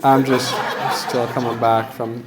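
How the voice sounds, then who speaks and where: A young man from Washington, D.C., doing a stand-up comedy set in a gallery venue, with a deadpan, halting delivery and acted-out quotes. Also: medium pitch, heavy background noise. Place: art gallery venue with live audience.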